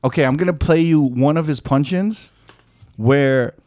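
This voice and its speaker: A man's voice: on the high side, a little slow, a little mellow, no echo, studio quality. A man hosting a casual chat, laughing often and swearing casually as he plays back recordings. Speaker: podcast host playing back recordings.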